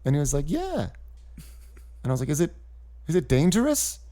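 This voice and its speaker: A man's voice: on the high side, quick pace. A man guesting as a comedian on a podcast, telling stories in casual chat and acting out voices and sound effects. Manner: animated storyteller doing voices and sound effects.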